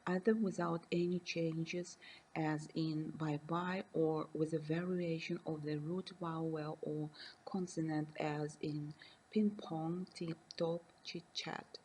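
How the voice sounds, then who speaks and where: Woman lecturer, measured and careful delivery, soft dark tone. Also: on the low side, steady tone, a little hiss or hum, low-quality recording. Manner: reads slowly and carefully, defining terms with examples. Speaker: university lecturer. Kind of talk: recorded lecture reading.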